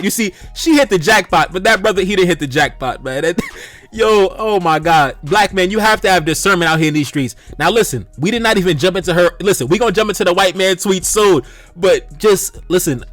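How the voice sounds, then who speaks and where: Animated high-voiced male reaction host. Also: brisk, no room sound, faint music behind. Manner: animated, laughs often, repeats exclamations; preachy, addresses "brothers" directly. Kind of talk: commentary on social media posts.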